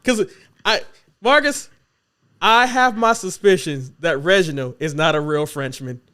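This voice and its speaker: A man hosting a casual podcast chat, joking and teasing his co-hosts in an animated way. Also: a little high, moderate pace, clean tone. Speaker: podcast host.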